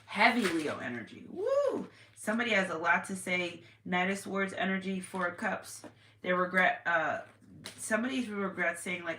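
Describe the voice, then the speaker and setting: A woman's voice: on the low side, animated, normal speed, sharp tone. A woman giving a casual tarot reading to her viewers, chatty and repetitive with sudden exclamations. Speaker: tarot reader. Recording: echoey room with faint noise.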